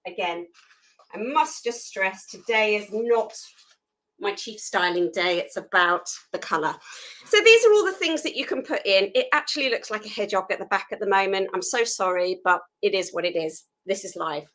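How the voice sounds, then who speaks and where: A woman's voice: medium pitch, lively intonation, normal speed, a bit bright, rough recording. A woman hosting a live food photography tutorial, chatty and self-deprecating while she works hands-on.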